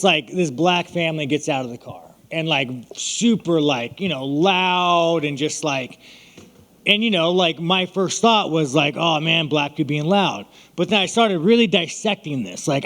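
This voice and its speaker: American man, higher voice, profane, rambling, joking, long hall reverb. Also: fairly bright tone. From United States. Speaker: fighter at a media scrum. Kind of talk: casual media Q&A.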